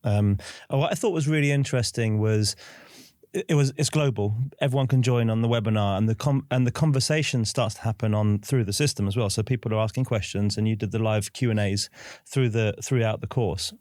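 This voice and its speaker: A man's voice: fairly low pitch, brisk, darkish tone, dry recording. Male co-host, enthusiastic talker, dry studio sound. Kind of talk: casual conversation.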